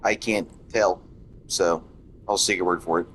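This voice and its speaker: Brief: lower-voiced man for snarky gameplay commentary, sarcastic and mocking. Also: steady tone, a little slow, fairly bright tone, slight background noise. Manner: sarcastic, mocking the game and its heroine. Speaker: let's play commentator.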